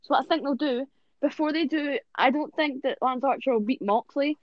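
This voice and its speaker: A woman co-hosting a casual wrestling podcast, telling excitable stories. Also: sits high, a little fast, dry recording. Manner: excitable, animated storytelling. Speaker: podcast co-host. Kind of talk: casual chat. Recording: dull lo-fi call audio.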